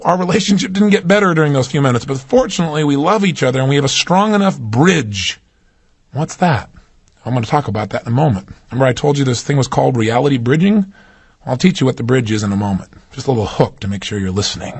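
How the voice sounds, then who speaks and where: A man's voice: medium pitch, expressive, fast talker, breathy edge. A man giving a motivational talk, emphatic and swinging his voice up and down to stress points. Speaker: motivational speaker.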